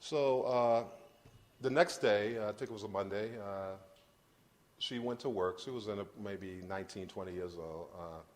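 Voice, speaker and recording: A middle-aged man from Brooklyn, giving a lecture about his life in a conversational, halting way with frequent restarts. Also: fairly low pitch. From Brooklyn, New York. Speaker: guest lecturer. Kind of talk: personal storytelling lecture.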